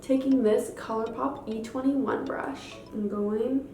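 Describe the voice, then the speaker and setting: Hoarse young woman in an echoey room. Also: a little high, steady tone, slow, mellow. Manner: chatty, walks through each step. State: hoarse from a cold. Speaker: beauty vlogger. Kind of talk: casual makeup tutorial. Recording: echoey room, faint background music.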